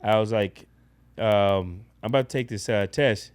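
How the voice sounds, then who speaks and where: A man casually telling a personal story in a blunt, profane, animated way as a podcast guest. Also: on the low side, measured pace.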